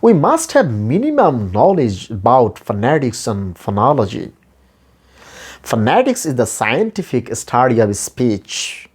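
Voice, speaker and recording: A man, a non-native speaker of English, giving a deliberate lecture on pronunciation and slowly listing terms one by one. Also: mid-range voice, wildly swooping pitch, a little mellow, slightly rough. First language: Bengali. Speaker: English teacher.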